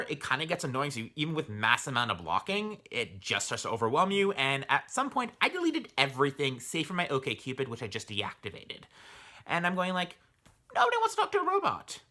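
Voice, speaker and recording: A man's voice: mid-range voice, bright, forceful tone. A young man giving a sarcastic, profane video essay as a vlogger. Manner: sarcastic, swears freely.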